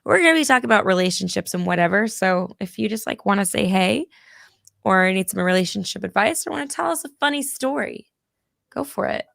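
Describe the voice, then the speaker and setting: A woman co-hosting a casual call-in show, hoarse from losing her voice, chatty and reassuring. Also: mid-range voice, lively intonation, brisk, a bit bright, no echo, clean studio sound. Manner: chatty, reassuring, laughs often. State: hoarse, recovering from lost voice. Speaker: co-host.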